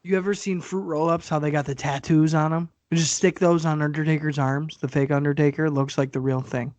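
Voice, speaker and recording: A man's voice: a little high, fairly even intonation, fairly quick, a little mellow, no room sound. A man co-hosting a podcast in casual, profane chat, laughing often and talking with animation. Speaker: podcast co-host.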